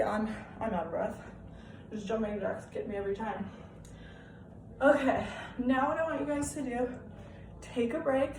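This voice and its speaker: A woman's voice: high voice, a little mellow, distant mic. A young woman leading a home exercise class in an upbeat, encouraging way, often checking in with the class. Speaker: fitness class instructor. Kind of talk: live-style home workout instruction. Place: room at home. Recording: echoey room, off-mic, faint background hiss.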